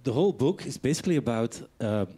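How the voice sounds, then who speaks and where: A man's voice: medium pitch, expressive, quick pace, warm tone, breathy edge. A man interviewing a guest on a venue stage, speaking in a conversational, informal way.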